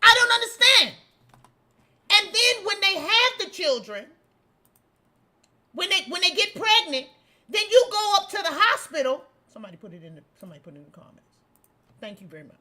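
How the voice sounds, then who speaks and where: A woman's voice: extremely high pitch, very animated, a little fast, bright, forceful tone. A middle-aged woman hosting a casual commentary show, sassy and scolding, breaking into laughs as she lectures. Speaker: host.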